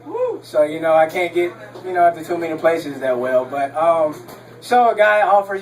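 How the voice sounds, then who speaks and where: A young man from Texas talks through a loose stand-up set in a comedy club, his voice sitting a touch high. He rambles, drops ums everywhere and breaks into laughter at his own lines. He sounds a little distant from the microphone. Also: very animated, normal speed, faint music behind. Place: comedy club stage with audience.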